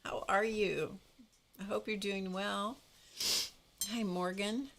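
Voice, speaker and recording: A woman hosting a live craft stream, chatting casually and telling an animated story to her viewers. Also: mid-range voice, slow pace, vocal fry, a little hiss or hum. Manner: animated storytelling, greets viewers by name, frequent laughs.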